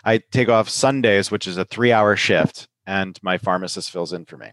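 A man with a fairly low voice chats loosely on his podcast, run down from a sinus infection and laughing as he goes. He keeps tagging his points with "right?". The recording is dry and close, with no room sound. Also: normal speed, a bit bright, no echo. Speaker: podcast host and pharmacist. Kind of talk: casual podcast chat.

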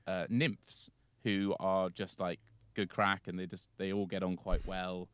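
A man's voice: low voice, little pitch movement, a little slow, a bit bright, smooth, no echo. A man retelling a myth as a podcast guest, rambling with plenty of fillers. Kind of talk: casual storytelling.

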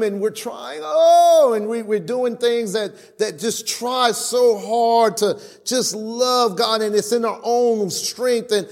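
A man preaching with a noticeably high voice. He delivers his sermon in an animated way and slips into the voices of worshippers to make his points. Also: takes it slowly, gravelly, few pauses. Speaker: pastor.

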